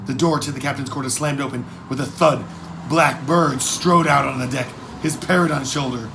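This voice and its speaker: A man narrates an adventure story in a gravelly, mid-pitched voice. His delivery is steady and measured, as in an audiobook. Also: a little hiss or hum. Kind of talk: scripted narration.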